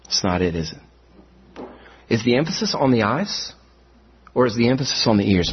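A middle-aged man preaching a sermon in a chapel, swinging between high, loud, fast outbursts and low, quiet asides. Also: big pitch swings, husky. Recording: muffled dull recording.

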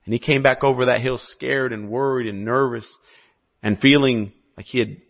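Preaching to his listeners, a man from South America tells a lively story and keeps asking them questions. His medium-pitched voice is steady, with vocal fry, at a normal speed. The audio sounds a little muffled.

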